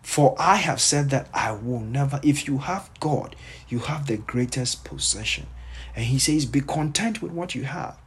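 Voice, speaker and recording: A man's voice: medium pitch, lively intonation, moderate pace, husky. A male pastor preaching a sermon, repeating his points with emphasis and reading scripture aloud.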